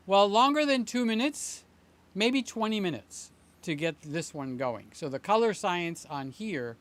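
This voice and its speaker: A man's voice: sits high, fairly bright tone. An older man hosting a live stream, chatting casually in a rambling, joking way with many fillers and asides.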